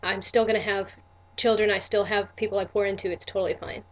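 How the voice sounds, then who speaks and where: A woman's voice: medium pitch, steady tone, fast talker. A woman, telling a personal story in a candid, earnest vlog with many restarts and asides. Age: 40s. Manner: earnest and emotional. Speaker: vlogger.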